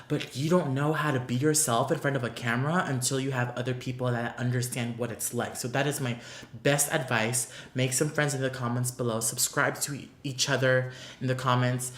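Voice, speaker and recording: A man's voice: mid-range voice, fairly bright tone. A man from Florida answering fan questions in a casual beauty vlog, gushing and emotional with many "like" fillers, seated before a paper backdrop. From Orlando, Florida, US. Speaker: beauty YouTuber. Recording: roomy echo.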